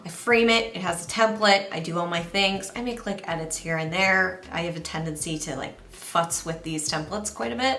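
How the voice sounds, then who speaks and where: A woman in her thirties talking casually to camera as a beauty vlogger, chatty and animated, dropping into hushed asides. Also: lowish voice, reverberant. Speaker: beauty YouTuber. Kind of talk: casual vlog talk to camera.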